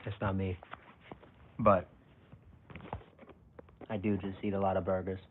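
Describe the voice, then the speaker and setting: Low-voiced young man chatting on a tinny line. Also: level tone, measured pace, pauses often. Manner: rambling, self-mocking, chuckles often and reacts to chat. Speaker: streamer. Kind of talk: casual live-stream chat. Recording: tinny phone-like audio with faint hiss.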